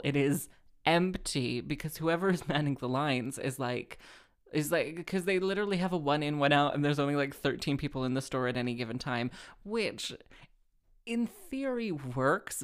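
A woman's voice: low voice, lively intonation, normal speed. A woman rambling casually to her listeners, full of fillers, restarts and wry asides. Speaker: podcast host and singer.

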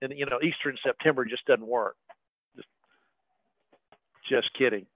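A middle-aged pastor preaches conversationally in a mid-range, fairly even voice at normal speed, using many fillers and speaking directly to the congregation. The recording is a tinny, phone-like radio broadcast with no echo.

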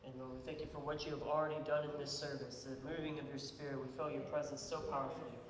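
Man praying fast in an echoey church. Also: a little high, level tone, a little hiss or hum. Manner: fervent, quick prayer. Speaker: church member leading prayer. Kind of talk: spoken prayer. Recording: echoey church hall with congregation.

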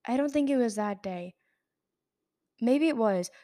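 A woman's voice: a little high, lively intonation, measured pace, dark tone. A young adult woman hosting a podcast, telling a personal story in a rambling, casual way full of fillers and restarts. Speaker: podcast host.

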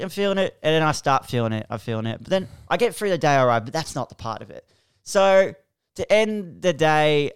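A young Australian podcast co-host spins a rambling, animated story with a fairly high voice that leaps all over the place. His tone is smooth and resonant. The recording is dry and close. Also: no room sound. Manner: animated, rambling, swears freely, laughs while telling. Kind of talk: casual chat, storytelling.

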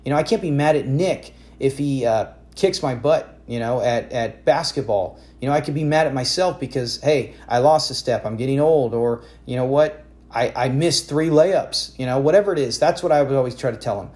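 Hosting a casual fantasy football show, this podcaster in his forties speaks at a medium pitch and ordinary pace. His storytelling is lively and full of self-corrections.

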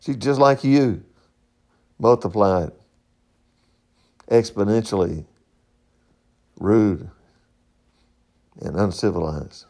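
A man's voice: fairly low pitch, takes it slowly, long pauses, warm tone. A middle-aged man, hosting a podcast in a rambling, folksy monologue and laughing at his own stories. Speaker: podcast host.

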